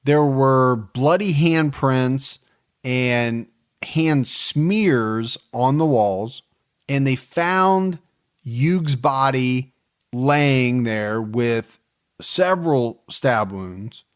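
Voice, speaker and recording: A man in his forties co-hosting a true-crime podcast, telling the case in a relaxed, joking way with plenty of fillers. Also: medium pitch, extremely slow, smooth. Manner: storytelling, joking, many fillers. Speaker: podcast co-host.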